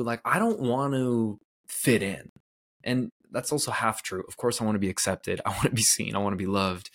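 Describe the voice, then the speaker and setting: Male podcast host from Canada, lower voice, earnest confessional storyteller. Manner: earnest, candid, loose with "like" fillers. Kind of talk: personal storytelling monologue.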